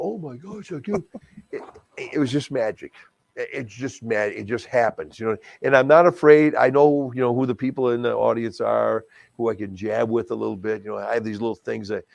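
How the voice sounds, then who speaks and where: Man, middle-aged, from Wisconsin, gravelly voice, animated storyteller, stammered restarts, dry close sound. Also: on the low side, no room sound. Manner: animated, self-deprecating, many restarts and stammered repeats. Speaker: guest, charity auctioneer and stadium announcer. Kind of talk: casual interview storytelling.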